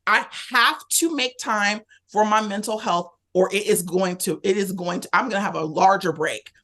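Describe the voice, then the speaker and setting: A woman speaks as a podcast guest, her voice sitting at a middle pitch. She retells a personal story in a candid, conversational way and acts out her own thoughts with lively energy. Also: normal speed.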